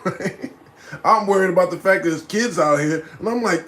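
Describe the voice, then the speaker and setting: A man telling a personal story in a casual, animated way, often laughing and adding "right?" to his lines. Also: high voice, moderate pace, a little hiss or hum. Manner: acts out voices and loud cries.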